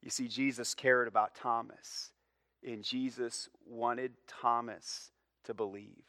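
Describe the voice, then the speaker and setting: Earnest male preacher, bright dry voice. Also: medium pitch, steady tone, slow pace, no room sound. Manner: earnest, emphatic preaching with repeated "you see" and falling phrase ends. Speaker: pastor. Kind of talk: sermon.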